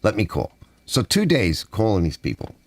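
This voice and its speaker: Man, from the US, ranting, exasperated, lively swings in pitch, dry studio sound. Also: moderate pace, dry recording. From United States. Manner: exasperated, animated complaining with softened swearing. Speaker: channel host. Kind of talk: ranting casual monologue. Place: home garage studio.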